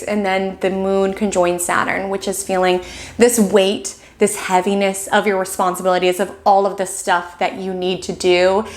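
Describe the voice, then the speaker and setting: A woman with a fairly high voice gives her weekly astrology forecast. She keeps it chatty, peppering her talk with "like" and "right?". She slips into quick quoted inner voices to make her points. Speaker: astrologer host.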